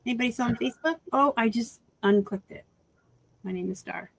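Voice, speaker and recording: A woman's voice: fairly high pitch, brisk, vocal fry, rough recording. A woman hosting a casual live-stream chat about reselling, rambling through asides and laughing often over a video call.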